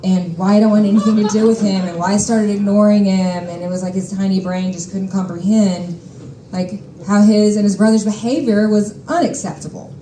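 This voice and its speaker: A woman's voice: medium pitch, fairly even intonation, brisk, dark tone, roomy sound, slight background noise, poor audio. Wry, exasperated woman telling a story. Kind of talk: live personal storytelling. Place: stage at a live storytelling show.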